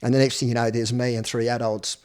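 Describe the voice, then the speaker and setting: A man's voice: mid-range voice, flat delivery, fast talker, darkish tone, clear, resonant tone. A man in his fifties with an Australian accent, a podcast guest telling his own story bluntly, swearing freely. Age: 50s. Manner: blunt, swears freely, acts out quoted speech. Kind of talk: personal storytelling interview.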